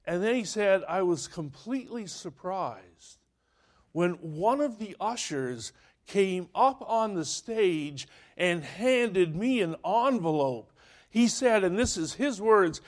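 A male pastor preaching a sermon, telling a story with animated delivery and acting out the voices in it. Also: high voice, slow pace.

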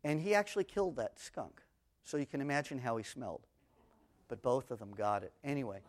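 A Bible teacher gives a brisk expository sermon on the Psalms, reading scripture aloud with rising intensity. He swings between booming emphasis and quiet asides, and works in a personal story.

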